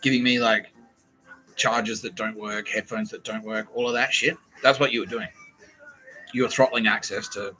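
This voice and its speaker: A man's voice: lowish voice, fairly even intonation, normal speed, bright, forceful tone, soft background music, low-quality recording. A man hosting a podcast, talking in a profane, rambling way and often restarting his sentences. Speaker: podcast host. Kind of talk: casual rambling monologue.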